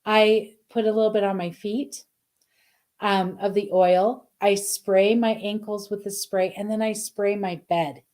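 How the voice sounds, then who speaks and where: A woman's voice: medium pitch, steady tone, a little slow, a little mellow. A middle-aged woman hosting a live card reading, chatty and effusive as she reads out viewer comments. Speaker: spiritual card reader, host.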